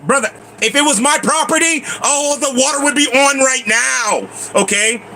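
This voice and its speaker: A man livestreaming from his parked bus, angrily venting to his viewers, swearing and then trying to calm himself down. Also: very high-pitched, moderate pace, over a noisy crowd, poor audio. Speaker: livestream vlogger.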